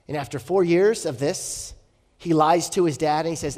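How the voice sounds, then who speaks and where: Male pastor, high voice, story-driven sermon with rhetorical questions; long reverb of a big hall. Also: normal speed. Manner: storytelling, rhetorical questions, shifts from loud to hushed.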